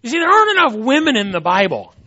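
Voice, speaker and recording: Guy doing a loud pushy college girl, high voice, kinda husky, muffled recording. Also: wildly swooping pitch, quick pace, exaggerated voice. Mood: insistent. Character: brash young woman student eating wings. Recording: dull lo-fi recording.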